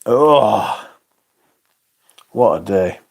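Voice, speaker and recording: A male livestream host talks casually, wandering through viewer comments, chuckling a lot and sometimes cursing. His voice is fairly low, expressive and very slow, with vocal fry.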